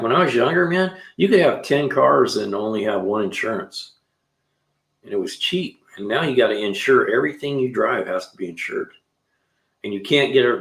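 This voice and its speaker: Gravelly-voiced man rambling in an echoey garage. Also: mid-range voice, a bit bright. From California. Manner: rambling, talkative storyteller with slang. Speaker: live stream host. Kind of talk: casual chat, telling stories and answering chat. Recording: roomy echo.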